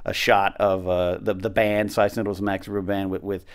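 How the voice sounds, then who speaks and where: A man's voice: low-pitched, flat delivery, moderate pace, clear, resonant tone. Male host, casual chat, jokey and rambling, lots of restarts.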